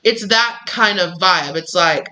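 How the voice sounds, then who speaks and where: A woman tarot reader sharing a casual spiritual message, chatty and animated, full of "like" and "you know". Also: fairly low pitch, a little slow, rough recording.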